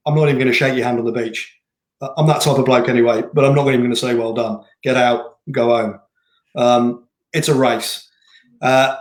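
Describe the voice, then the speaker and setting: A man, a race director talking bluntly in a casual interview, laughing easily and restarting his sentences. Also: medium pitch. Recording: roomy echo.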